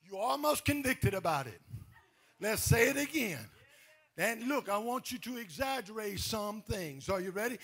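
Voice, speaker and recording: Gravelly high-pitched shouting preacher man. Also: animated, normal speed. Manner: shouting, half-singing preaching. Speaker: pastor. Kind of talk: call-and-response sermon.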